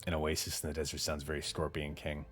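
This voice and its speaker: A man's voice: extremely low pitch, monotone, fast talker, fairly bright tone, faint music behind. A man hosting a casual livestream chat, telling rambling stories with casual swearing and answering viewer comments. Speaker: podcast host.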